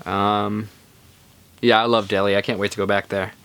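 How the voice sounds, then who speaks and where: Young male podcast host, low-voiced, rambling and laid-back, close dry mic. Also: flat delivery, normal speed, vocal fry, fairly bright tone, clear, resonant tone, no room sound. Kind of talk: casual storytelling monologue.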